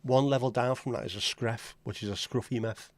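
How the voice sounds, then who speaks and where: A man's voice: mid-range voice, fairly even intonation, a little fast. A man with a Liverpool accent hosting a casual livestream chat, joking, swearing freely and greeting viewers by name. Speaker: livestream host.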